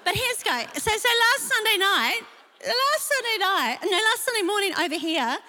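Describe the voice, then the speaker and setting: A woman's voice: extremely high pitch, sing-song, moderate pace, noisy background. A woman pastor preaching a sermon in a chatty, self-deprecating way, laughing often, in a large church auditorium. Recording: long hall reverb.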